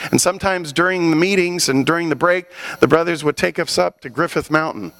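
Man preaching an animated sermon. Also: fairly high pitch, low-quality recording. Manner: animated, building to loud exhortations.

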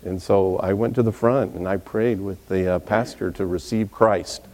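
A man from Texas introducing himself to a congregation as a visiting preacher, relaxed and chatty with many fillers and asides. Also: low-pitched, moderate pace. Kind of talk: sermon introduction, casual and folksy. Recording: reverberant hall.

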